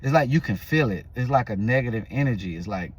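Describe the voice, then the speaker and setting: Male vlogger, casual rambling storyteller, mid-pitched, lots of restarts. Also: expressive, fast talker, slightly rough. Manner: loose, rambling, with restarts and fillers.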